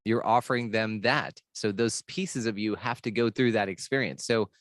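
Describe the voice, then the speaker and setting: A man's voice: lowish voice, moderate pace, no echo, studio quality. An American man hosting a casual spiritual conversation, talking in an earnest, rambling way with the odd swear word. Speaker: podcast host.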